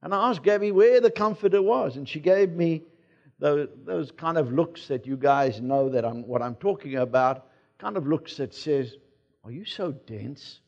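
A man with a South African accent, preaching a sermon as pastor in a relaxed, conversational way, with personal anecdotes. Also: fairly high pitch, normal speed, vocal fry, lo-fi sound. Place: church sanctuary.

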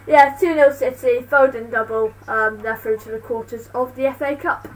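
A woman streaming live fan commentary on a football match, excitable, swinging between shouting and muttering. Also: high voice, normal speed, far from the mic, low-quality recording.

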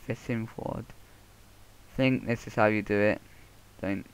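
A man narrating his own gameplay, muttering to himself and swearing through a muffled headset microphone. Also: mid-range voice. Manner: mumbling to himself, swearing, quick outbursts. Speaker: Let's Play gamer. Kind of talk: casual gameplay commentary. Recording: muffled headset audio, faint noise.

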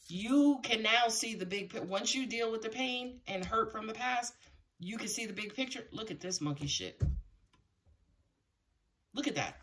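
A woman's voice: on the high side, normal speed, pauses often, fairly bright tone, recorded from a distance, a little hiss or hum. A woman giving a live tarot reading to her viewers, talking casually with plenty of swearing and frequent laughter. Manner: casual and profane, laughs often, talks straight to viewers. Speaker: tarot reader.

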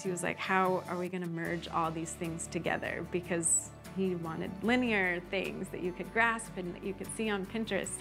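A woman homeowner speaking earnestly and reflectively in an interview, sometimes repeating words as she thinks. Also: medium pitch. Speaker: homeowner and designer. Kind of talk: interview talk.

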